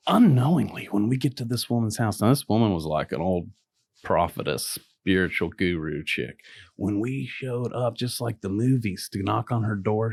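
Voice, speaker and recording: Middle-aged male guest, low-ish voice, lively storyteller who acts out the people he quotes; dry close mic. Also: gravelly, breathy edge, no room sound. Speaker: podcast guest. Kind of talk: storytelling in casual conversation.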